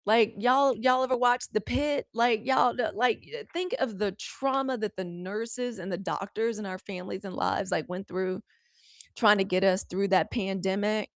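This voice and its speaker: A woman runs a live news commentary show and riffs casually to her viewers. Her talk is blunt, exasperated and salted with profanity. Her voice sits at a middle pitch and sounds dry and close, with little room echo. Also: normal speed. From United States.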